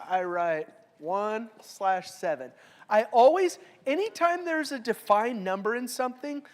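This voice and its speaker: Her voice is a little high as this middle-aged woman teaches Bible study. After reading each verse out with strong emphasis, she breaks it down in a relaxed, joking manner.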